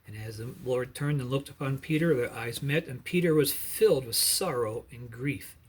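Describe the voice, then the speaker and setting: A middle-aged man narrating a Bible story as a preacher, earnest and pausing to explain the background. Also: medium pitch, husky.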